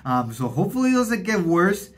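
Excitable reaction host feeling unwell. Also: medium pitch, fairly quick. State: feeling sick. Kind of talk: casual reaction vlog. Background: faint music from the video being reacted to.

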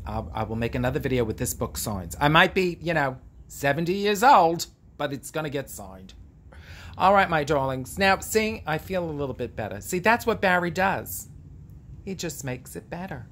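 A man's voice: fairly high pitch, big pitch swings, moderate pace, fairly bright tone. A man hosting a casual vlog, telling a story in a theatrical, gushing, camp way and drawing out words. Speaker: vlog host. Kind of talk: casual chat monologue.

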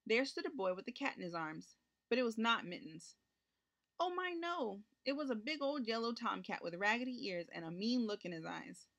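A woman reading a children's picture book aloud, narrating gently and lifting her voice for the characters' lines. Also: medium pitch, expressive, fairly quick, creaky, lo-fi sound. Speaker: storybook reader.

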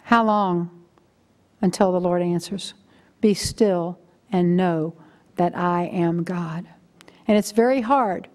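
A woman's voice: fairly low pitch, slow pace, long pauses, darkish tone. Older woman preaching, telling stories like she's chatting with the congregation. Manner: conversational storytelling preaching. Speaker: guest preacher. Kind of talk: sermon.

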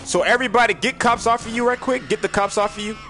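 A young man on a gaming livestream, joking loudly and bossing his crew around, jumping from shouts down to low mumbles. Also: fairly even intonation, fast, soft background music. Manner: loud, joking, bossy, swings from shouting to mumbling. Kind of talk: casual gaming livestream chat.

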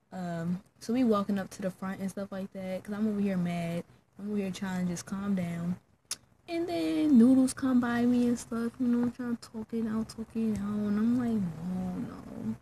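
A woman's voice: mid-range voice, warm tone, a little hiss or hum, rough recording. A woman vlogger telling a story in a casual, slangy, chatty way, full of fillers, straight to her viewers.

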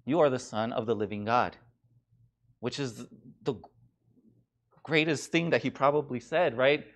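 A man preaching a sermon as pastor, in a conversational, animated way with many restarts and fillers. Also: mid-range voice, measured pace. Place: church.

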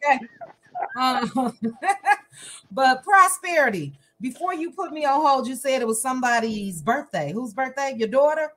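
Livestream host, woman from Chicago, lively and playful, higher voice. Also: unhurried, slight background noise. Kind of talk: casual chat, reading viewer comments.

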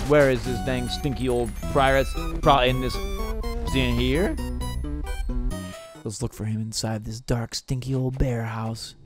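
A man narrating a game as he plays, in a goofy, rambling way, often talking straight to the characters on screen. He speaks slowly at a middle pitch. Game music plays clearly behind him. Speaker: gamer playing through a game. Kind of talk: playful game commentary with improvised character lines.

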